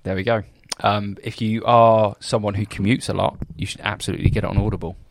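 A man's voice: fairly low pitch, flat delivery, quick pace, slight background noise. A young man co-hosting a podcast, chatting casually in a rambling, hesitant, self-deprecating way. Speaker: podcast co-host, business owner. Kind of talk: casual chat.

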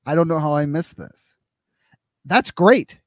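Higher-voiced man firing off ironic quips. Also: animated, unhurried, dry recording, clean studio sound. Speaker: podcast co-host. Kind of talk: casual comedic chat.

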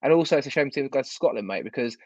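A man's voice: mid-range voice, expressive, very fast, darkish tone, dry recording. A man in casual football chat, blunt and ranting, with some swearing. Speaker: football podcast co-host. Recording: dull lo-fi sound.

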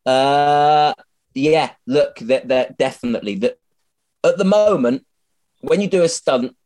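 A man's voice: a little high, measured pace, darkish tone. A man, a comedian being interviewed on a podcast, chatty and self-mocking, swearing freely and often restarting his sentences. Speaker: comedian guest.

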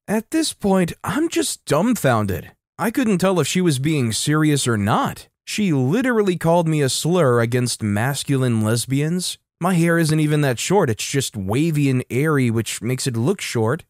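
A man reading online stories aloud as narrator, lively with wry asides. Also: mid-range voice, measured pace, hardly any pauses, no echo, clean studio sound. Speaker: story narrator.

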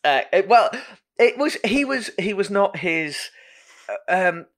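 A man's voice: high-pitched, sing-song, measured pace. A man hosting a podcast, chatting casually with self-deprecating asides and plenty of ums. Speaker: podcast host. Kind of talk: casual chat.

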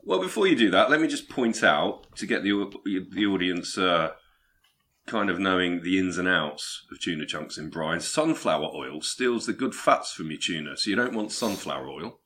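A man's voice: deep voice, animated, moderate pace, bright, forceful tone. A man co-hosting a podcast, chatting casually in a dry, matter-of-fact way. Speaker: podcast co-host. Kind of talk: casual comedic chat.

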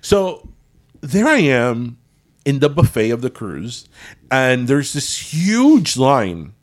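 A man co-hosting a casual podcast chat, animated and laughing often, slipping into Spanish phrases. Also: medium pitch, takes it slowly. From Miami. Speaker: podcast co-host.

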